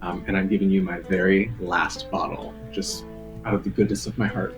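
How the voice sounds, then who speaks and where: A man playing a tabletop game, speaking in character in a relaxed, joking way. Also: low-pitched, moderate pace, over music. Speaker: player.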